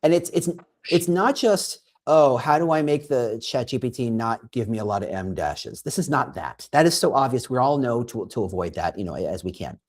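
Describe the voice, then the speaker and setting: A man guest on a podcast, explaining in an animated conversational way and acting out quoted prompts and reactions. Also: mid-range voice, moderate pace, hardly any pauses. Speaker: guest, recruiting consultant.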